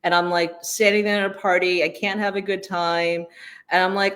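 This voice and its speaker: Animated sarcastic woman co-host. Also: on the low side, normal speed. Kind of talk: casual political chat.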